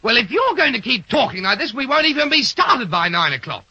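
A fussy, exasperated schoolteacher, as a man plays him in an old radio comedy, stammering and scolding his unruly class. His voice is very high and bright with a rough, gravelly edge. The sound is dry and close. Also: very animated, a little fast, no room sound, highs cut off, full character voice. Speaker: teacher. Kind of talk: 1940s radio comedy acting.

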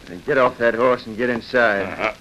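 An actor playing a menacing, sneering outlaw guard in a vintage radio drama. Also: male voice, medium pitch, normal speed, highs cut off, close to an everyday voice. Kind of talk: 1940s radio acting. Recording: hissy vintage radio recording.

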